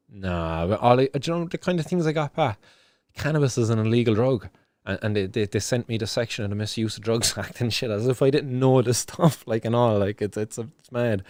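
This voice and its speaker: A man's voice: mid-range voice, a little fast, darkish tone, dry recording. Ranting young Irish man, dry close sound. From Ireland. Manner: ranting, swears often, heavy fillers and restarts. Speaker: show host. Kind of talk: casual livestream news commentary.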